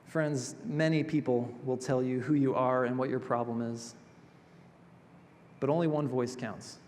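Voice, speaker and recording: A male pastor delivering a sermon in a chapel, expressive, moving between emphatic passages and hushed, gentle ones. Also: mid-range voice, measured pace, slight background noise. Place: chapel sanctuary. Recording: reverberant chapel hall.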